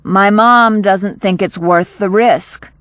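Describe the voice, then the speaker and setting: A woman's voice: mid-range voice, takes it slowly, fairly bright tone, dry recording, clean studio sound. A woman reading the lines of an earnest, awkward teenage boy who talks bluntly and evasively.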